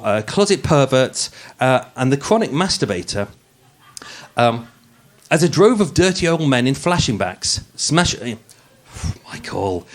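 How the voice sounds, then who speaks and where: A man from Birmingham hosting a true-crime show, telling the story live with jokey asides, stumbling and restarting as he goes. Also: medium pitch. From Birmingham, England. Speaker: true-crime podcast host.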